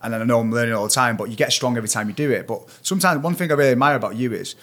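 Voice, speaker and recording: Podcast host: a man who talks quickly and asks eager, enthusiastic questions. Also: mid-range voice, a bit bright. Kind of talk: podcast interview.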